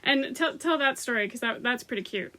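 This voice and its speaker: A woman's voice: on the high side, brisk, sharp tone. A woman hosting a podcast interview, asking curious, encouraging follow-up questions. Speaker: podcast host. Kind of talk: interview conversation.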